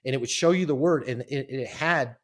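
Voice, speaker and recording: A man of fifty, a guest on a podcast, telling his life story in a casual, animated way and acting out the voices of the people in it. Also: mid-range voice, fairly quick. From Colorado, US. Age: 50s. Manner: animated storyteller, acts out quoted voices, repeats words.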